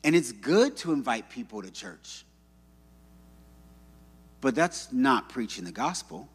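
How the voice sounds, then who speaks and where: Husky-voiced joking preacher man. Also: medium pitch, very animated, unhurried. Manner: conversational, joking storyteller. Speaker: pastor. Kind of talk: sermon. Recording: long reverb in a hall.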